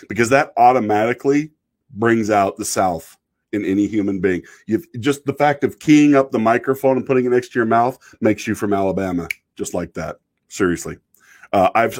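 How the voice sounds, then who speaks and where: A man from Idaho talking in a casual, rambling way, often stopping and restarting and joking as he hosts a chat. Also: on the low side. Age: adult, married. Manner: rambling, self-interrupting, joking. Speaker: show host reading chat.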